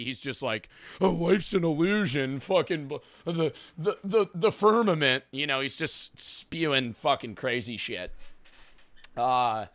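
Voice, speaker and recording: A man in his twenties rambling through profane, lively stories and reactions as a streamer. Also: medium pitch, no room sound, clean studio sound. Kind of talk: casual reaction commentary.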